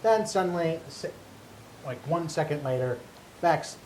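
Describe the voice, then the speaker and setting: On a casual wrestling podcast, a male co-host speaks animatedly in a high-leaning, slightly mellow voice with lively intonation and a measured pace. He keeps stammering into restarts, and the recording carries echo and a faint hum.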